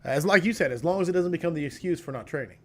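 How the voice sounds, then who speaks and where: A man's voice: a little high, expressive, racing, a bit bright. A man hosting a casual podcast, reading out audience questions and cheering on his guest with upbeat interjections. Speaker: podcast host.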